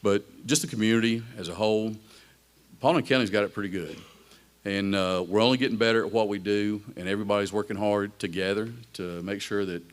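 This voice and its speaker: A man's voice: lowish voice, fairly even intonation, fairly quick. A man, a police chief giving an earnest, grateful speech at a luncheon. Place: luncheon event room.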